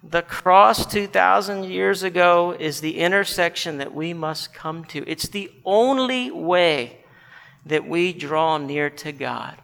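A man's voice: fairly high pitch, slow pace, creaky, fairly bright tone. A man preaching a sermon, earnestly questioning his listeners and telling illustrations. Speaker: pastor. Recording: long hall reverb.

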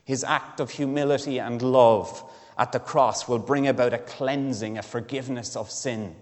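A man's voice: medium pitch, steady tone, moderate pace, big-room sound. A man preaching a sermon in a conversational way, asking his listeners direct questions, in a church.

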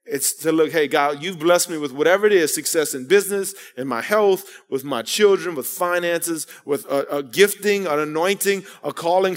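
A man with a slightly high, fairly bright voice preaches an earnest sermon as pastor, telling stories and calling out to the congregation. He is in a church sanctuary, and the hall gives a long reverb.

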